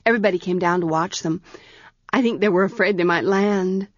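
An eager, chatty young girl from a storybook, played by a woman reader. Her voice sits higher than the narration and sounds friendly and easygoing. The recording is muffled and dry. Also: a little fast, dry recording, close to an everyday voice.

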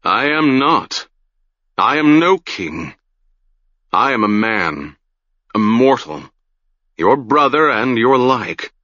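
A man voicing a stern male mage who speaks gravely and gently, his voice strained with sorrow. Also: medium pitch, very animated, takes it slowly, long pauses, no echo, muffled recording, exaggerated voice. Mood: calm, gentle.

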